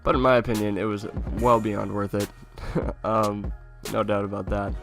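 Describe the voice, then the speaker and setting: A young man with a lowish voice tells a childhood story in a loose, chatty vlog style. He laughs often and swears now and then. Faint music plays underneath. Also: normal speed. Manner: laughing through an animated anecdote, casual swearing. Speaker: YouTuber.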